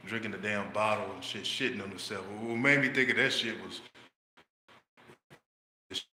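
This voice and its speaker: Loose, profane male streamer spinning yarns; bright tone, roomy echo, faint hiss. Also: on the low side, moderate pace. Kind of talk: casual storytelling. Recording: echoey room, faint background noise.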